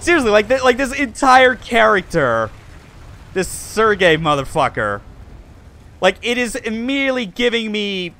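A young man streaming a video game, commenting loudly, swearing and laughing at what happens on screen. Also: high voice, very animated, normal speed. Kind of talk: live gameplay commentary.

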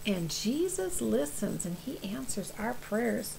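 Slow, animated woman telling a Bible story. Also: on the high side, creaky, a little hiss or hum, low-quality recording. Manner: animated, drawn-out storyteller emphasis with questions to kids. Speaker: children's church teacher.

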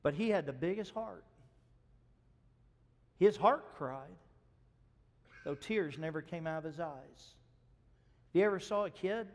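A male pastor preaching a sermon, moving between quiet storytelling and loud, urgent exhortation and asking the congregation questions. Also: sits high. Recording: long hall reverb.

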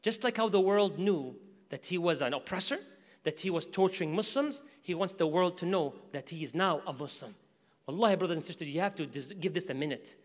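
A man giving a storytelling religious lecture in an animated, casual way, speaking directly to his audience. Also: fairly high pitch, fairly quick. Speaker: Islamic lecturer. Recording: long hall reverb.

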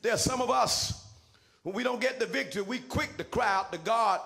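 A man preaching a sermon as senior pastor, shouting in a sing-song cadence with folksy, colloquial phrasing. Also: sits high, lively intonation, moderate pace, vocal fry.

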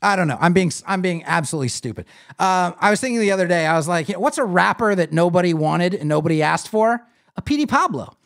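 A man's voice: sits high, fast talker, gravelly. A man hosting a live web design stream, casually explaining as he clicks through a site builder and talking to viewers. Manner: casual, animated, talks to viewers while clicking. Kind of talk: live screen-share tutorial.

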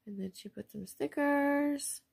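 A woman chatting casually at home as she shows off craft mail and bargain finds, gushing softly and sometimes dropping to a near whisper. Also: high-pitched, unhurried, vocal fry. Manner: soft, gushing, often drops to a near whisper. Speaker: craft vlogger showing received mail and shopping finds. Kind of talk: casual show-and-tell chat.

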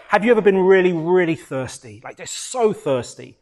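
A middle-aged British man, a pastor, preaching a sermon and telling his own story with lively ups and downs, acting out his prayers. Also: a little high, fairly quick, vocal fry, few pauses.

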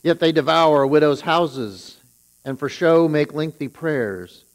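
Man preaching a sermon, slightly high voice. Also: expressive, takes it slowly, poor audio. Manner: paraphrases scripture with rising emphasis on the woes. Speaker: pastor.

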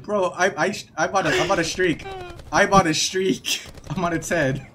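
A young man chatting and shouting callouts with friends while playing an online shooter, excitable and quick to laugh. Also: high-pitched, a little hiss or hum. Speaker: gamer. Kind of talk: excited multiplayer game chat.

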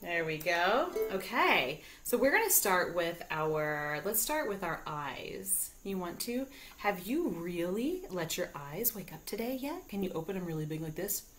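With a lowish, sing-song voice, a woman speaks a little slowly and with few pauses. She's teaching music to small children over a live home sing-along stream, coaxing and bubbly, a ukulele in the background.

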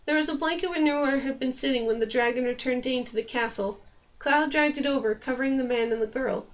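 A woman narrating a fantasy novel aloud as an audiobook, in a steady storytelling voice. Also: high voice, a little fast.

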